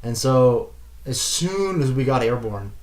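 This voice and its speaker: A young man co-hosts a casual podcast and tells a personal story. He speaks at a middle pitch and keeps the telling lively and animated. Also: measured pace. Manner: animated, laughs often, acts out shouted quotes. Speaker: podcast co-host.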